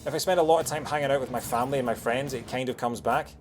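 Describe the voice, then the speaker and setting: A man with a Scottish accent softened by years in England, chatting quickly while streaming a game, with lots of fillers and restarts. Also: medium pitch, soft background music. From Scotland. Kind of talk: casual chat while playing a game.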